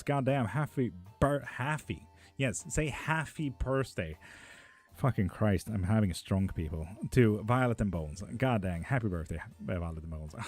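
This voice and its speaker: A man's voice: fairly low pitch, a little mellow. A man chatting on a live stream as a tarot reader, reading out viewer comments, casual and sweary with frequent laughs. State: hot and sticky.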